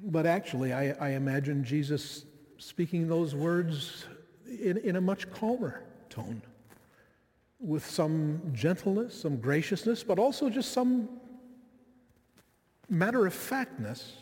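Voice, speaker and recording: Male preacher, high-pitched, conversational and reflective, recorded in a reverberant hall. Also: expressive, slow, a little mellow, husky. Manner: reflective, conversational, with frequent asides to the listeners. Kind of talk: sermon.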